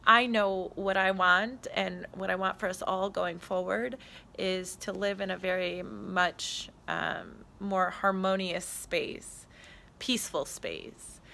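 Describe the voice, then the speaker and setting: Lady talking into her phone on a trail, bright voice w some fry, earnest and heartfelt. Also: medium pitch, fairly even intonation, takes it slowly, a little hiss or hum. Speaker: spiritual channeler. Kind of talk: casual spiritual vlog. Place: outdoors on a trail.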